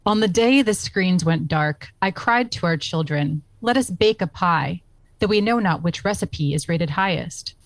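A woman reading aloud in a mock-solemn storybook narrator voice, slow and stately. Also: fairly low pitch, expressive, no echo, low-quality recording.

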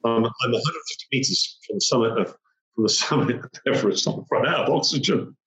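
A man's voice: mid-range voice, a little fast, fairly bright tone. A man telling a personal story in vivid detail, repeating phrases and acting out the moments he describes. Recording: roomy, dull lo-fi sound.

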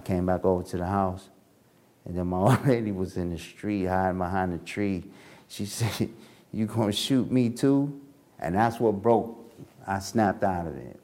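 A man's voice: normal speed, warm tone. A man recounting his own past in candid spoken storytelling, in casual slang, acting out the voices of other people. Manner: casual street slang, acts out quoted voices with shifts in pitch.

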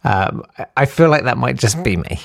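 Rambling comedy podcast host. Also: male voice, medium pitch, animated, gravelly, no echo, clean studio sound. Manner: rambling, self-deprecating, halting with fillers. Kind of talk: casual comic monologue.

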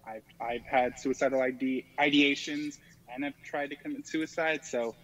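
A male caller on a phone line, his voice at an ordinary middle pitch. He talks casually and loosely, leaning on fillers as he goes. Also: steady tone, moderate pace.

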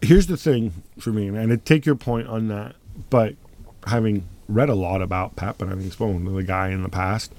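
A man's voice: on the low side, moderate pace, darkish tone. A man hosting a football podcast in a studio, playing devil's advocate with a dry, sarcastic edge. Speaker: podcast host.

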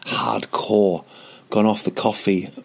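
Male comedian, low gravelly voice, casual digressive storyteller who mocks himself. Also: level tone, takes it slowly. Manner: digressive, self-mocking asides.

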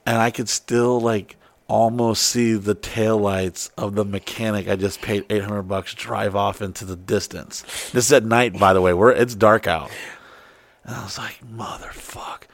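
With a lowish voice at a moderate pace, a man tells a wild story in casual chat, recorded dry. He swears freely and gets excitable, acting out the quotes of what people said.

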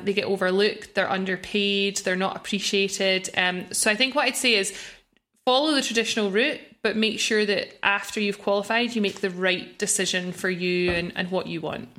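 A young woman with a Glaswegian accent, chatting quickly and laughing often as a podcast guest. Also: mid-range voice, fairly bright tone. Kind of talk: casual chat.

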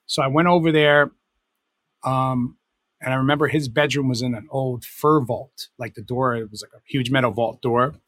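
A middle-aged man with a husky, medium-pitched voice recounts stories as a guest in a relaxed interview. He meanders, restarts his sentences and corrects himself, and the recording is dry and close. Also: normal speed, no echo. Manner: rambling, self-correcting anecdotes with many fillers. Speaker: guest, DJ and producer. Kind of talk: casual storytelling interview.

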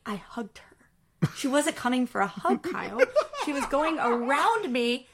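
A woman with a slightly high voice tells a story in a relaxed interview. She is animated, acting out the people in it and laughing as she goes. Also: unhurried, over a noisy crowd. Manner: animated, acts out quotes, laughs while telling. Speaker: production supervisor, guest.

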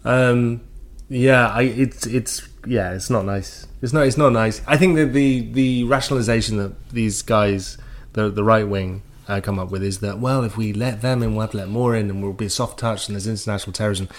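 A man's voice: lowish voice, steady tone, normal speed, few pauses. A man co-hosting a comedy podcast, chatting casually and agreeing often. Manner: agreeable, lots of "yeah, yeah". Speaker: podcast co-host.

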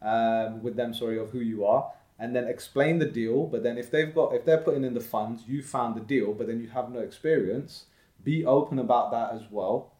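A man's voice: medium pitch, moderate pace, dark tone. Upbeat motivational man, roomy sound. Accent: London-area English. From Slough, England. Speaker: guest, property investor. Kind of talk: casual podcast conversation. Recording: roomy echoey room.

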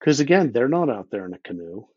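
A man's voice: medium pitch, sing-song, fast, warm tone, slightly rough, no echo, lo-fi sound. Blunt, opinionated man with hiccups. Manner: blunt, opinionated, swears, frequent restarts. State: has the hiccups. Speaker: podcast guest, underwater explorer. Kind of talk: casual conversational interview.

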